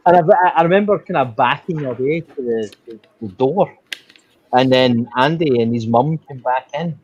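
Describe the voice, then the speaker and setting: A man's voice: fairly high pitch, sing-song, slow pace, pauses often, slight background noise. An Irish man rambling through a story in casual chat, swearing freely. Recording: dull lo-fi sound.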